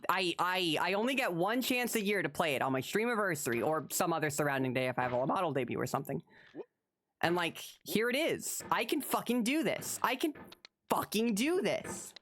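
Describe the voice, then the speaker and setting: Animated swearing woman streamer. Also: fairly low pitch, fairly quick, a little hiss or hum. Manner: animated, swears, yells at the game; talks herself back to calm. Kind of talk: live gameplay commentary.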